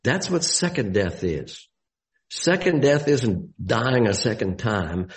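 A man giving a Bible study sermon, deliberate and explanatory, with emphatic rises on key words. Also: fairly low pitch, rough recording.

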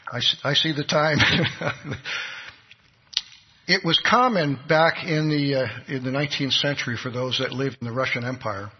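His mid-range voice carries a breathy edge as he preaches, earnestly narrating a story and taking on the voices of its people. The sound is dull, with a long reverb from the hall.

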